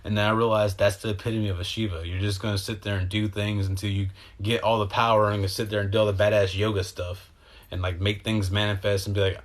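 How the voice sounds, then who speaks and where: A man's voice: on the low side, fairly even intonation, brisk. A man talking in a meandering, profane, emotional stream of consciousness, in a casual spiritual monologue. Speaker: host.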